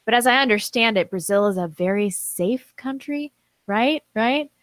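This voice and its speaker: A woman's voice: a little high, animated, normal speed, a bit bright, no room sound. A woman co-hosting a live-stream talk show, reading viewer comments aloud and chatting casually. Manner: reads superchats aloud, chatty with fillers.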